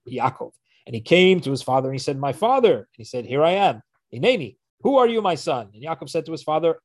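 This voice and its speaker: A man's voice: mid-range voice, darkish tone. Man speeding through a scripture class. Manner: retells verses quickly, acting out dialogue. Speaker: Torah teacher. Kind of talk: fast-paced scripture class.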